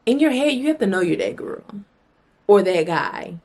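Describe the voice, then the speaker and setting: A young woman vlogging straight to her viewers in a casual, unscripted way. She is blunt and emphatic, swears freely, and hammers her points home by repeating phrases. Her voice sits at an ordinary middle pitch for a woman. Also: lively intonation, normal speed, creaky, darkish tone. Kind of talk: casual motivational vlog talk.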